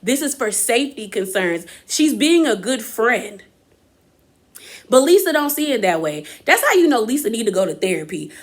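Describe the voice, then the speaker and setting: A woman's voice: on the high side, sing-song, moderate pace. A woman, giving an opinionated, chatty recap of a reality show and acting out quotes from the cast. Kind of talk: casual recap commentary.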